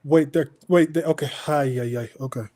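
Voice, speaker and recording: A man's voice: on the high side, brisk, mellow. Laid-back man on a podcast. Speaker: podcast co-host. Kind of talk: casual chat.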